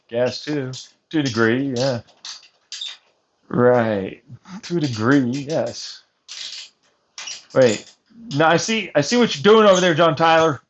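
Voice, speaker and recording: Brief: young man, vlogger, heated rambling rant, slightly high voice, dull lo-fi recording with steady noise behind. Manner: agitated, swearing, mimics others in heated back-and-forth. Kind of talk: rambling personal vlog rant. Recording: dull lo-fi audio with clear background noise.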